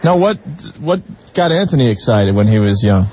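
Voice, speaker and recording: A male radio co-host with a middling pitch who swings his voice up and down as he banters and teases. The broadcast sound is dull and lo-fi, with a faint hiss behind it. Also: sing-song. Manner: teasing, quick to laugh.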